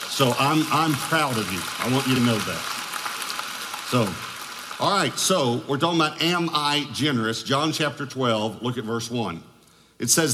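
Storytelling pastor in a reverberant hall. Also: male voice, mid-range voice, lively intonation, normal speed, bright, forceful tone. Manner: storytelling, joking asides. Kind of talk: sermon. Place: large church auditorium.

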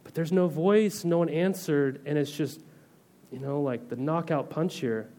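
A man preaches in a relaxed, conversational way, reading a passage of scripture and then unpacking it with casual comparisons. His speaking voice sits a little high for a man. He keeps checking in with his listeners through rhetorical questions. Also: measured pace. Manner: reads scripture aloud, then explains it in everyday terms. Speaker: pastor. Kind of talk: sermon teaching.

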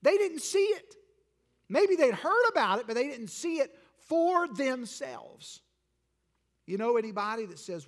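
Animated high-voiced preaching man. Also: a little slow. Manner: animated preaching, swinging from loud to hushed. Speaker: pastor. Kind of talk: sermon. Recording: long hall reverb.

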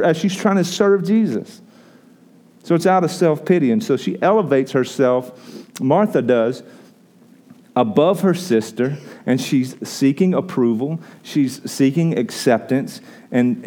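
Mellow-voiced man preaching a sermon. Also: mid-range voice, a little slow. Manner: conversational preaching with repeated restarts. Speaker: pastor.

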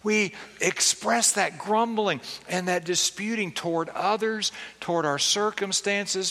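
A man's voice: high-pitched, a little slow, few pauses, sharp tone. A man preaching a sermon as a pastor, conversational, often checking in with the congregation with rhetorical questions. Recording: long reverb of a large hall.

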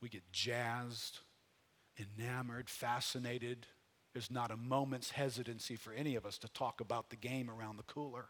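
A man preaching a sermon in a conversational, folksy way, rising loud and dropping low. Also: steady tone, moderate pace. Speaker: pastor.

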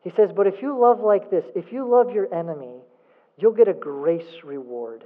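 A man's voice: sits high, animated, normal speed. Guy preaching a sermon, keeps asking questions and hammering the point, sounds like a tinny phone line. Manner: emphatic, rhetorical questions, repeats for emphasis. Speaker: pastor.

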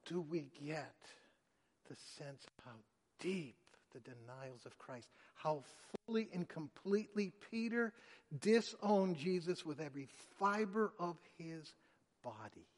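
Male pastor, fairly high-pitched, dramatic sermon delivery in an echoing hall. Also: animated, slow. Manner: dramatic, acting out quotes with sharp swings in loudness. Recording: long hall reverb.

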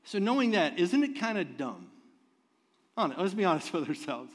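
A man preaching a sermon as pastor, moving from soft, tender talk to loud, fervent preaching, with chuckles along the way. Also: sits high, sing-song, moderate pace. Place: church sanctuary. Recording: long reverb of a large hall.

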